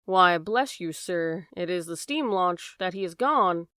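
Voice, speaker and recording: A woman's voice: on the low side, lively intonation, a little slow, sharp tone, smooth, no room sound, clean studio sound. A woman voicing a worried, chatty working-class boatman's wife in an audiobook reading. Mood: fretful. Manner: chatty, plain-spoken, dropped endings.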